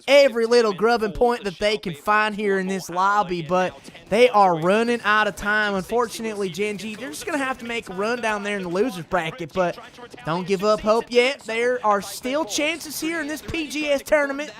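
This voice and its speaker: A man with a high voice hosts a casual live-stream from his home studio. He talks into a desk mic, jokes around and swears freely. He drifts between chatting with viewers and calling the match. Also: moderate pace, a bit bright. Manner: jokey, swears, tries silly accents. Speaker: streamer hosting a watch party.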